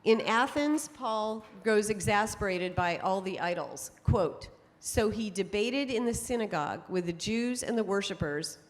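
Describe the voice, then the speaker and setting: A middle-aged woman giving a conference talk to an audience, telling stories in a lively way and laughing often. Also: mid-range voice, a little slow, hardly any pauses. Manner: lively storytelling with frequent laughs. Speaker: speaker on temperament psychology. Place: conference hall. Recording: long hall reverb.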